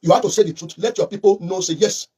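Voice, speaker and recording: A Nigerian man who slips into Pidgin, talking in a high, husky voice as he delivers heated political commentary. He rushes through his points with fervent, repetitive emphasis. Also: darkish tone.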